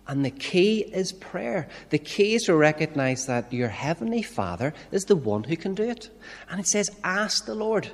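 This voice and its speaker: A man's voice: a little high, very animated, normal speed. A man with a Northern Irish accent preaching a sermon as a minister, talking conversationally and asking rhetorical questions. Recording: church reverb.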